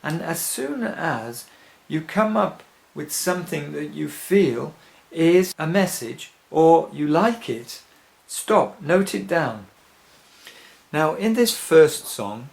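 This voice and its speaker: A man teaching songwriting rhythm, explaining slowly and patiently, step by step. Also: on the high side, expressive, vocal fry, darkish tone. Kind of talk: recorded teaching demonstration. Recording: echoey room.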